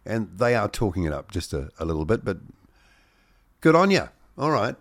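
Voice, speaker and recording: A man's voice: lowish voice, big pitch swings, moderate pace, no room sound, studio quality. A man hosting breakfast radio, reading news headlines with wry jokes and asides. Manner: reads headlines with joking asides and mock voices. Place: radio studio.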